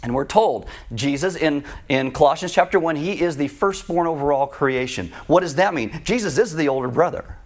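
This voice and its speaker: A man preaching a sermon, retelling a parable in an animated, conversational way. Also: fairly high pitch, normal speed, few pauses. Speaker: pastor.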